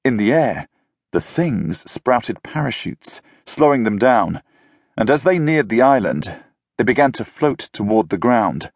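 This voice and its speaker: A man narrating a children's novel, in a slow, measured reading. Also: medium pitch, sing-song, no room sound, clean studio sound. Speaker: audiobook narrator.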